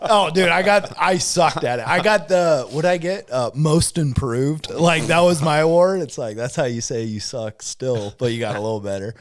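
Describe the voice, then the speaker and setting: A man's voice: a little high, normal speed, hardly any pauses, no echo, clean studio sound. A man co-hosting a podcast, telling loose, profane stories in casual chat. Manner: loose, profane storytelling with laughs. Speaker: podcast co-host.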